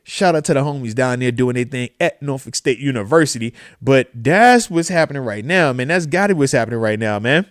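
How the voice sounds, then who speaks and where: A man in his thirties hosting a live-stream talk show, talking in an animated, slangy way and often repeating phrases and giving shout-outs. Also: a little high, no echo, clean studio sound. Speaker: show host, former football player.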